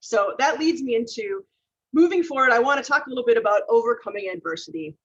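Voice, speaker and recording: A woman's voice: fairly high pitch, lively intonation, fast talker, breathy edge, lo-fi sound. A woman speaker from Minnesota giving a motivational talk, telling personal stories earnestly and laughing at her own mistakes. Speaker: keynote speaker.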